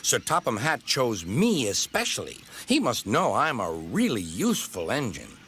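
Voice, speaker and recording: A man doing an eager little engine from a children's storybook show, chirpy and pitched high. His pitch bounces all over the place. Music plays behind him. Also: normal speed. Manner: chirpy, excited. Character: cheerful small eager male tank engine. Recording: background music.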